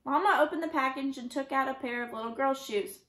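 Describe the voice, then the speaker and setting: A woman teacher reading a novel chapter aloud with clear, expressive storytelling. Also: high voice, a little fast. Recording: roomy echo.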